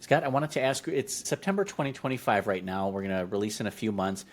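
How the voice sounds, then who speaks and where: A man's voice: on the low side, fast, a little hiss or hum. A man hosting a podcast interview, affirming his guest and asking questions in a friendly way. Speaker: podcast host. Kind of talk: conversational interview.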